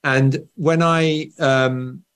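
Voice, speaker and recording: An English man with a standard Southern English accent speaks at medium pitch, extremely slowly and steadily, his tone a bit bright, clear and resonant. He is a guest author from England in a conversational interview, explaining things with frequent "right?" tags and restarts.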